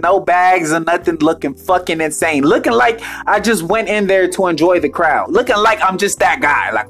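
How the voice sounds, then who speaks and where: A man's voice: high voice, a bit bright. A man telling a casual story as an exasperated, profane rant, repeating phrases for emphasis.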